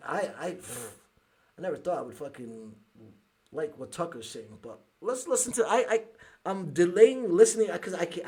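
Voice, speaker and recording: Angry podcast guy cussing through news clips, husky, kinda high voice. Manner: furious, profane ranting. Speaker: podcast host. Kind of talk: angry commentary reacting to clips.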